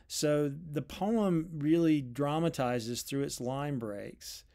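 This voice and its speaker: A man's voice: on the high side, takes it slowly, hardly any pauses, mellow. A middle-aged man giving a spoken lecture on a poem, thinking aloud with ums and small self-corrections as he reads lines out. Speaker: literature teacher.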